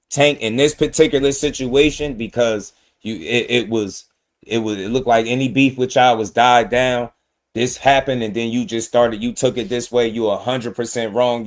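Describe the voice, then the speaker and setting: Male boxing commentator, mid-pitched voice, direct and emphatic, talks straight at the fighters. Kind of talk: casual opinion commentary.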